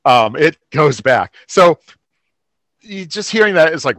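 Middle-aged male co-host, slightly high voice, wry and chatty, dry close mic. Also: big pitch swings, moderate pace, a bit bright, no echo. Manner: chatty, wry, acts out reactions. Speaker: podcast co-host. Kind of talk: casual chat.

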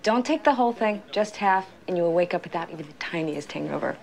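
A woman's voice: fairly low pitch, expressive, quick pace, vocal fry, voice pushed down. A woman acting out a self-absorbed woman who chatters along airily. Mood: breezy. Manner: airy, chattering delivery.

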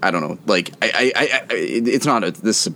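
Co-host type: very low-voiced man, rambling and hesitant, casual, faint background hiss. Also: brisk, bright, forceful tone. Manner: hesitant, rambling with many restarts. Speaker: podcast co-host. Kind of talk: casual chat.

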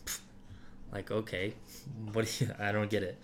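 A man's voice: on the low side, flat delivery, moderate pace, slight background noise. A man giving casual Bible teaching to a group, talking loosely with many fillers and restarts.

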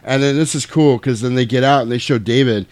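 A man in casual chat, retelling a film scene by scene with lots of energy. His voice sits in an everyday middle pitch and the recording is dry and close. He drops into loud, exaggerated character voices and laughs often. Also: brisk, no echo. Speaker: podcast host retelling a movie.

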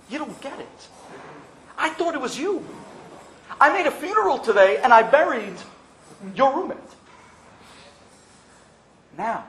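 An outraged, exasperated grown son, high-pitched and bursting into shouts, as a man storyteller puts him on. He sounds roomy and echoey, with faint ambience. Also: slight background noise.

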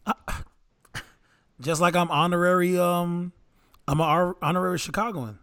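A man's voice: high voice, steady tone, normal speed, sharp tone, clear, resonant tone. A man co-hosting a podcast in casual chat, laid-back and playfully teasing. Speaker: podcast co-host.

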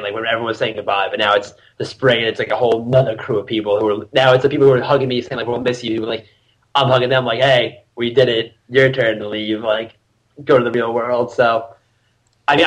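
A young man in his twenties, a podcast guest, chatting casually and telling lively stories full of laughter and shouted quotes. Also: mid-range voice, poor audio. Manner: animated storyteller, laughs often, acts out shouted quotes. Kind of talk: casual chat.

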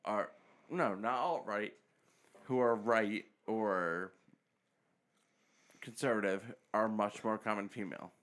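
A man on a casual podcast, halting and stumbling as he searches for his point. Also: on the low side, a bit bright. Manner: halting, stumbling over words. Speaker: podcast co-host.

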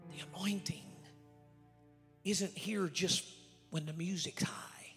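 A man preaching a storytelling sermon as a traveling evangelist, swinging between loud shouts and hushed whispers, recorded live in a church. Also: high-pitched, fairly even intonation, takes it slowly, long pauses. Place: church sanctuary with reverb. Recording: live church recording with long reverb and faint music.

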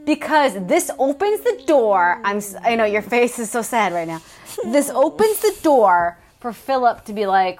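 A woman's voice: on the high side, sing-song. A woman co-hosting a casual book discussion, reading wry comments from her notes. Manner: wry, reads from her notes, quick asides. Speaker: podcast co-host.

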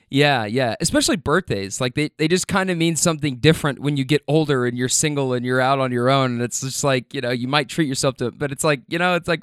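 A man who drives for a rideshare service, telling a story in a casual, animated way, full of fillers and swearing. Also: medium pitch, quick pace, smooth, no room sound, clean studio sound.

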